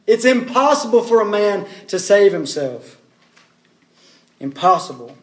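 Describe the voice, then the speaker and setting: A man's voice: sits high, big pitch swings, a little slow. A man preaching a sermon, pressing his points with rhetorical questions and repeating key words. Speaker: pastor. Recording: roomy echo.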